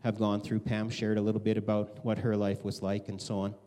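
A man preaching a conversational sermon, animated, acting out quoted voices with big swings. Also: fairly low pitch, fairly quick. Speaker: pastor.

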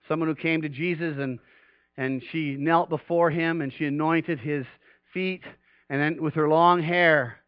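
A man preaching a sermon to a congregation in an animated way, often rising louder and higher in pitch to stress a point. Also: dry recording, highs cut off. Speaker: pastor.

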